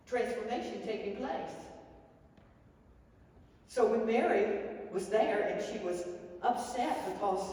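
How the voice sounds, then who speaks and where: A woman's voice: a little high, a little mellow, a little hiss or hum. A woman pastor giving a sermon in an earnest, rambling storytelling way, with restarts. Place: church sanctuary. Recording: echoey church hall mic from far off.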